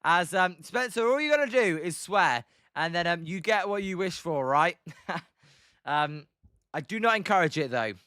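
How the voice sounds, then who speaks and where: British man, high bright voice, excitable streaming play-by-play, dry close sound. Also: moderate pace, clear, resonant tone, no room sound. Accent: British English. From Britain. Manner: chatty, excitable, greets viewers and reads chat mid-call. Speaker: streamer and commentator. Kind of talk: live watch-along play-by-play commentary.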